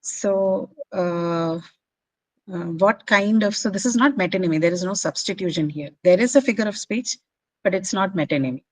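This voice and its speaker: A woman's voice: medium pitch, moderate pace, no room sound, rough recording. A woman teaching a class, explaining figures of speech patiently and checking that students follow. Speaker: English literature teacher. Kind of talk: classroom lecture.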